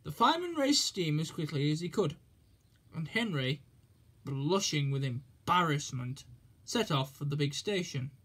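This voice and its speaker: Male storybook narrator, gentle and measured, slow pace, slightly high pitch. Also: very animated, breathy edge.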